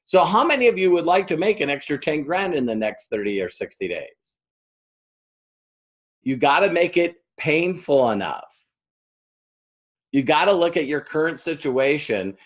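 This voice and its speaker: A middle-aged man giving a motivational business training talk, telling stories and acting out the quoted voices. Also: on the high side. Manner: storytelling, acts out quoted voices.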